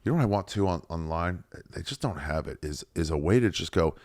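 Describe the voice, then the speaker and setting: A man who is a guest on a podcast, riffing in casual chat, sliding into mocking voices and dropping quiet for asides. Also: low voice, lively intonation, brisk, no room sound, studio quality.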